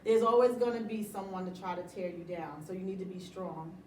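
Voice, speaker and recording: A woman's voice: lowish voice, steady tone, a little fast, reverberant, distant mic, slight background noise, low-quality recording. A middle-aged woman talking about running her business in a casual interview, emphatic and motivational, often laughing. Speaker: interview guest, business owner.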